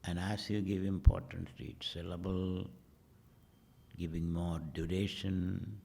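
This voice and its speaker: A middle-aged man leads a guided meditation in a very low, gravelly voice. He speaks slowly and calmly, and his phrase endings often fade into a whisper. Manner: slow, measured, trailing into whispers at phrase ends. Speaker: meditation teacher.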